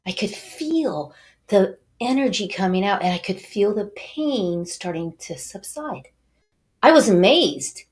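Middle-aged woman, wellness show host and Reiki teacher, mid-pitched, animated storyteller talking to viewers. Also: measured pace. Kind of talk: motivational talk to viewers.

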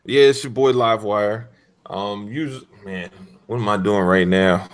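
A man talking casually on a gaming podcast, telling profane stories with loud mock outbursts. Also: on the low side, moderate pace. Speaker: podcast guest.

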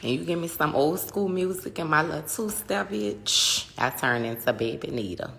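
A woman's voice: deep voice, lively intonation, moderate pace, gravelly, fairly bright tone, slight background noise. A woman in her thirties with a New Orleans accent, chatting casually on a phone livestream, swearing freely and answering her viewers' comments. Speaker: livestream host.

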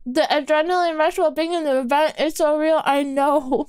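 A woman's voice: sits high, normal speed, a little mellow, dry recording, clean studio sound. A woman streaming a game, chatting casually with her viewers in a teasing, sarcastic, giggly way while she eats. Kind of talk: casual gaming stream chat.

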